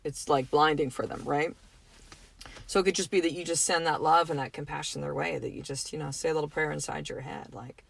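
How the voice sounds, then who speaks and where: A woman's voice: low-pitched, creaky. A middle-aged woman hosting her own podcast, talking in a casual, earnest, motivational way, full of fillers and the odd swear word. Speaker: podcast host. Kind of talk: motivational solo podcast talk.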